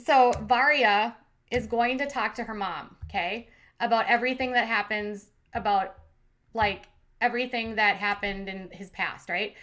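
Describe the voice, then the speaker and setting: A woman's voice: mid-range voice, measured pace, fairly bright tone. A woman hosting a commentary channel, recapping reality TV in a chatty, sarcastic way with lots of fillers.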